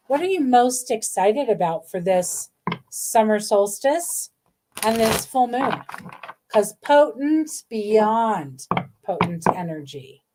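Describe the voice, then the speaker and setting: A woman's voice: fairly high pitch, sing-song, takes it slowly, background noise. A middle-aged woman doing a live card reading, talking in a gushing, meandering way with many fillers. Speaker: intuitive card reader hosting a live stream.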